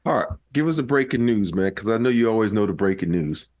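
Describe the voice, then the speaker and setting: A man's voice: on the low side, expressive, fast talker, a little mellow. A man co-hosting a casual sports podcast, talking in an easygoing, teasing way. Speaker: podcast co-host.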